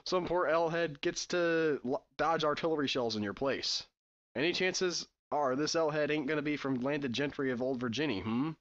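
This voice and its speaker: A man's voice: a little high, normal speed, fairly bright tone, lightly acted. A sardonic soldier taunts a comrade in a mocking, matter-of-fact way, as a man reads him out from a game. The sound is dull and lo-fi.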